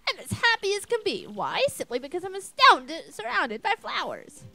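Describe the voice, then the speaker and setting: A woman voicing a cheery male flower creature in a video game, speaking in a loud, sing-song way. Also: very high voice, wildly swooping pitch, moderate pace, vocal fry, no echo, pitched above the performer's own voice, heavily acted. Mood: beaming.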